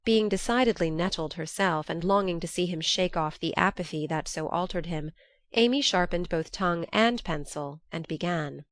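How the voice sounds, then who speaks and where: In this scripted audiobook narration of a classic novel, a woman speaks in a measured, even storytelling style. Her voice is on the low side, with no room sound.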